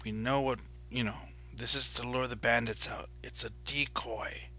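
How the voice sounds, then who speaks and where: A man's voice: medium pitch, steady tone, normal speed, bright, forceful tone. A man voicing an evasive, secretive male merchant whose voice keeps changing. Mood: conspiratorial. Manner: switches voices mid-conversation.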